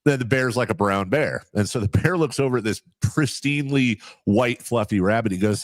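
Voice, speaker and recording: A man's voice: mid-range voice, brisk, few pauses, dry recording, clean studio sound. A man co-hosting a sports radio show in casual banter, joking and telling corny dad jokes.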